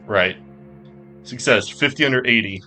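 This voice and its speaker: A man's voice: mid-range voice, moderate pace, sharp tone, soft background music. Explanatory man playing a tabletop game. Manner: explanatory, thinks aloud with fillers. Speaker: player. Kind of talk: casual tabletop game chat.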